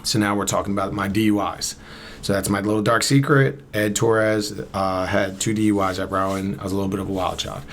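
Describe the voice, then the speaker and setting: A Camden, New Jersey man in his thirties, guesting on a podcast, casually spins a long story and acts out both sides of the conversation. His voice sits lowish, with fairly even intonation and a brisk pace, over slight background noise.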